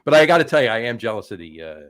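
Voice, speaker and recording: A man's voice: medium pitch, big pitch swings, very fast, a bit bright. A man hosting a beer podcast, chatting casually and telling jokes with lots of fillers and restarts. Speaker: podcast host.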